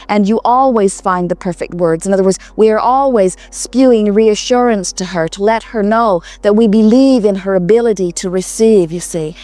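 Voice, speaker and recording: Woman, seminar speaker, calm and reassuring, repeats her phrases, medium pitch, dry close sound. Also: normal speed, hardly any pauses, dry recording. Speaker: seminar speaker answering audience questions. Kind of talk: inspirational talk to a live audience.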